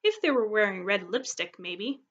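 A woman's voice: medium pitch, animated, moderate pace, a bit bright. A woman reading the lines of a shy seventh-grade boy, hesitant and curious, on a muffled recording.

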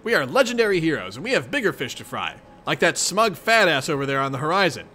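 A guy voicing a chill sarcastic teen boy, bright voice, bouncy delivery. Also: on the high side, big pitch swings, fast, slight background noise.

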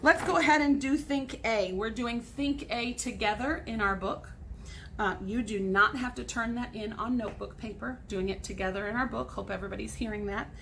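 A woman's voice: fairly high pitch, moderate pace, vocal fry, a bit bright, a little hiss or hum. A woman in her forties, a sixth grade teacher, patiently explaining grammar step by step in a recorded lesson for students at home.

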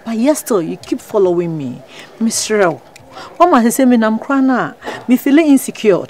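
A woman's voice: a little high, expressive, moderate pace, a little mellow, slight background noise, natural voice. A woman with a Ghanaian accent playing a married woman begging a persistent man to leave her alone, in a web drama. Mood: pleading. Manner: pleading, exasperated.

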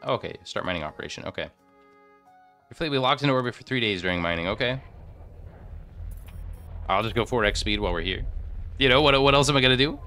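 A man's voice: mid-range voice, animated, quick pace, pauses often, sharp tone, soft background music. A young man streaming a video game, thinking aloud and rambling through menus in casual commentary into a desk microphone.

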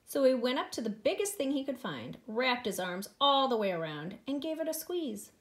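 Expressive woman reading to preschoolers. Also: high-pitched, normal speed. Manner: expressive, sing-song storytelling. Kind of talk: reading a picture book aloud.

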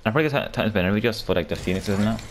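Brief: low-voiced male gamer, loose foul-mouthed running commentary, faint hiss underneath. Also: lively intonation, rapid-fire. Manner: casual and rambling, swears often, bursts into loud shouts and laughter. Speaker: gaming video creator. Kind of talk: live gameplay commentary.

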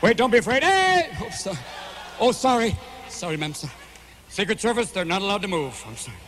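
A man in his forties performing live stand-up comedy in a large venue, manic and rapid-fire, jumping between voices. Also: high-pitched, very animated, fairly bright tone, a little hiss or hum. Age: 40s.

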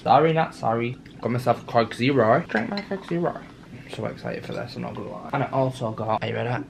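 A man's voice: mid-range voice, creaky, noisy background. A young man, chatting upbeat to camera in a casual travel vlog on a handheld phone. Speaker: makeup content creator.

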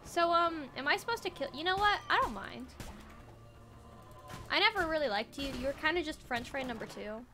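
A woman's voice: high voice, animated, moderate pace, bright, forceful tone. A young woman giving casual let's-play commentary, chatting, swearing and talking to the game characters as she plays. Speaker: gaming video creator. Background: game music.

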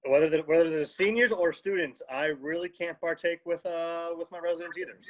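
A man's voice: fairly high pitch, fairly quick, muffled recording. A man, a chef guest on a podcast, chatting casually with easy chuckles. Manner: relaxed, chuckles between remarks. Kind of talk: casual chat.

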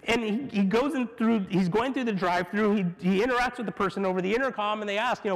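A man delivers a sermon, telling stories with animated energy, frequent laughter and restarted phrases. His voice sits high for a man. A long reverb from a large hall trails every line. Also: fast, hardly any pauses. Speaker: pastor.

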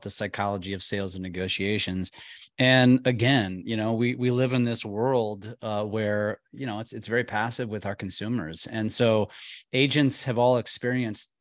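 Conversational podcast host, dry sound. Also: male voice, on the low side, no echo. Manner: conversational, with frequent restarts and emphatic questions. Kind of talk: casual interview chat.

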